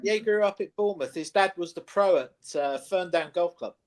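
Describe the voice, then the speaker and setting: A man with a slightly higher-pitched voice co-hosts a casual sports talk show. He tells golf stories in a rambling way, full of ums and side remarks. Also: brisk. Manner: rambling storyteller with many ums and asides. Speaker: co-host, former golf pro. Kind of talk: casual studio chat.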